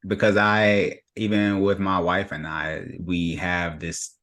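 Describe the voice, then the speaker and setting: A low-voiced man hosts a podcast, asking his guest questions in an easygoing, conversational way. He sometimes hesitates with fillers as he feels for the right word. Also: little pitch movement, slow, fairly bright tone. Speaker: podcast host.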